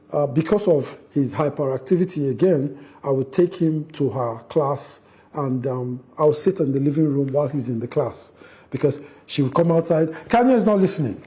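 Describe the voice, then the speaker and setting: A middle-aged man, telling a family story in an interview, animated and acting out the quotes, with frequent restarts. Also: mid-range voice. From Nigeria. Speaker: interview guest, father.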